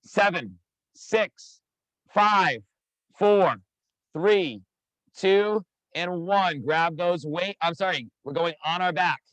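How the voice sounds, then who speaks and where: An energetic man coaching a live online workout class over a video call, counting down reps and calling out participants by name. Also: high-pitched, slow, no echo, poor audio. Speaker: fitness instructor.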